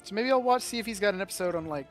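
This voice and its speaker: A man's voice: high voice, rapid-fire, faint music behind. A man chatting casually as a player in a tabletop game, rambling and self-deprecating. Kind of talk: casual chat.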